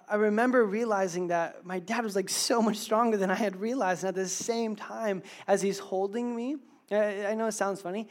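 A man in his thirties preaching a sermon, telling a funny personal story in a self-deprecating, humorous way. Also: high voice. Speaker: pastor.

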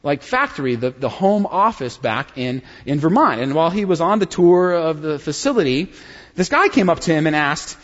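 A male pastor with a slightly raised voice gives a relaxed, story-driven sermon and speaks to the congregation as friends. His voice rings through a large hall with long reverb. The recording sounds a little dull and muffled. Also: a little high, fairly quick. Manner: conversational, storytelling, addresses listeners as friends.

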